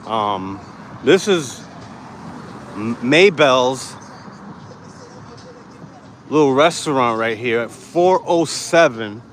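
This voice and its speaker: A man's voice: mid-range voice, expressive, drawn-out words, long pauses. A man walks a downtown sidewalk in the heat, holding his phone out and talking straight to his viewers. He is brash, defiant and swears freely. Faint traffic hum and outdoor noise sit under his voice. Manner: brash, profane, defiant, talking to camera while walking. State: hot and sweaty. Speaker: street vlogger. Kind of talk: live-streamed walking vlog. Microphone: handheld phone. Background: street traffic ambience.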